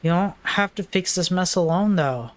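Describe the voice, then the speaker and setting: A woman reading aloud, voicing a caring teenage girl who gently reassures a friend. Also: fairly low pitch, natural voice. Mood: gentle. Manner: soft, reassuring, measured.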